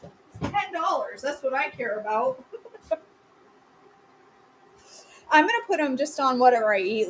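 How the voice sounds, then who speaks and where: Her voice is high, and the poor-quality audio has a slight hiss or hum. Streaming live from her home kitchen, she cooks and chats casually, greeting viewers by name and poking fun at herself playfully.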